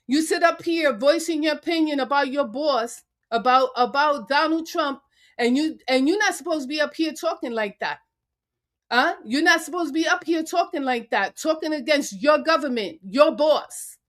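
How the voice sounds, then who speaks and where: A woman with a high voice rants furiously on a live-stream panel. She is confrontational, curses freely and hammers her challenges over and over. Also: a bit bright. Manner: angry, confrontational, cursing; repeats taunts and challenges. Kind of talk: heated live-stream rant. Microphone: remote call into a live stream.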